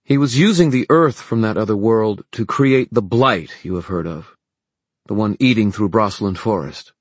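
A man doing a calm young woman hero. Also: lowish voice, slightly rough, dry recording, pitched above the performer's own voice. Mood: measured. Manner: calm, measured.

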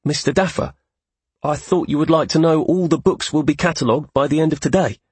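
A man's voice: a little high, a little fast, a little mellow, slightly rough, dry recording, voice pushed up. A man playing an earnest young magic user. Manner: earnest, hesitant. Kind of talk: audiobook character voice.

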